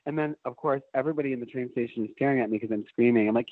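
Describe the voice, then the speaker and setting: A man's voice: mid-range voice, racing, few pauses, dry recording. A man telling a long story in casual chat, swearing freely and rambling with fillers and restarts. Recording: phone-like narrow band.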